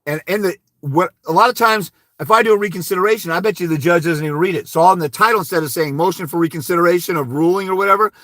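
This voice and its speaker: A high-voiced man talks fast, barely pausing, in a somewhat bright tone as he hosts a live stream giving legal advice. Blunt and emphatic, he urges his audience to confront the court and mocks timid speakers with a mumbled "wah wah." The audio has no room sound and is studio quality.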